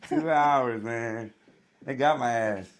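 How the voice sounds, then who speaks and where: A man's voice: mid-range voice, slow. A man in his thirties, a military veteran guest, telling stories casually with slang, cursing and laughter. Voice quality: gravelly. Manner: slangy, profane, laughs often. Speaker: podcast guest, Marine veteran and barber. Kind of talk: casual storytelling.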